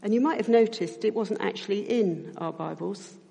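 A middle-aged woman preaching a sermon in a church. She speaks reflectively and slows down to stress key points. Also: mid-range voice, vocal fry, warm tone. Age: middle-aged or older. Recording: church hall reverb.

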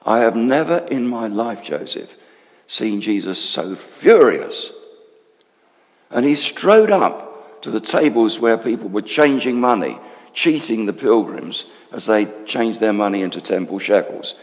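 An actor playing a male temple council member, telling a friend in confiding, animated storytelling what he has seen. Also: fairly low pitch, a little slow, long reverb tail. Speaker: storyteller in character. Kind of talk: dramatic monologue.

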